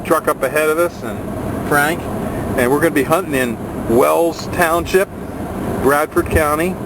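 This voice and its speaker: Man, slightly high voice, casual vlog host, road noise in a vehicle. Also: a little slow. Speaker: farm owner and host. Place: inside a moving vehicle.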